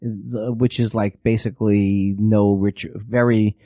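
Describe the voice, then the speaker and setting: Halting, rambling middle-aged man. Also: on the low side, level tone, no echo, lo-fi sound. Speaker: podcast guest. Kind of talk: casual chat.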